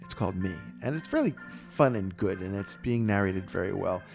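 A man co-hosting a podcast, chatting casually and telling animated stories with frequent laughter. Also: low voice, normal speed, vocal fry, faint music behind. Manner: animated storyteller, laughs often. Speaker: podcast co-host. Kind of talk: casual chat.

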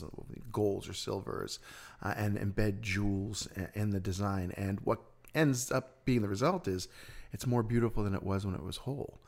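A man with a lowish voice hosts a podcast in relaxed conversation. He is upbeat and chatty, stumbling over words now and then and laughing easily. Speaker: podcast host. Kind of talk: casual chat.

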